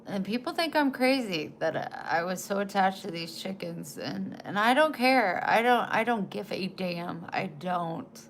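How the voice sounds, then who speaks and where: A woman in her forties chatting casually to camera, emotional and halting, often trailing off and starting again. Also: mid-range voice, expressive, slight background noise. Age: 40s. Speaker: vlogger.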